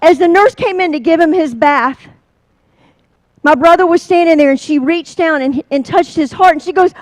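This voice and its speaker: A woman giving an emotional motivational talk at a seminar, slow and heartfelt, building to emphatic encouragement. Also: very high-pitched, no echo, poor audio. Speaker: seminar speaker.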